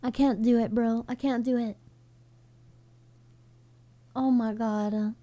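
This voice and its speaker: A woman's voice: a little high, fairly even intonation, slow, dark tone. A woman streaming as a VTuber, chatting casually with her viewers, swearing freely and often repeating her own phrases. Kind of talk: casual livestream chat.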